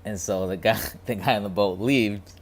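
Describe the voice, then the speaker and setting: A man vlogging a casual reflective monologue, talking quietly and rambling with many restarts and repeated words. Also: lowish voice, normal speed.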